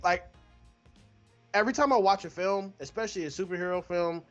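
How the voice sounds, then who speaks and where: A man's voice: sits high, fairly quick, a bit bright, faint music behind. A man co-hosting a film review podcast, chatting casually and playfully, laughing often. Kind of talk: casual chat. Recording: dull lo-fi audio.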